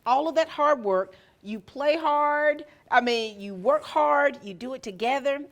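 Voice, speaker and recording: A woman's voice: high voice, unhurried, a bit bright. Gushing woman interviewer. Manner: effusive, encouraging, rambling questions. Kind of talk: casual interview.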